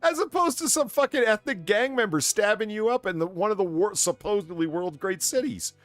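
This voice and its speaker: A man's voice: high voice, lively intonation, a little fast, fairly bright tone, no room sound, faint music behind. A man on a podcast, teasing and arguing with his co-host in casual, sweary banter.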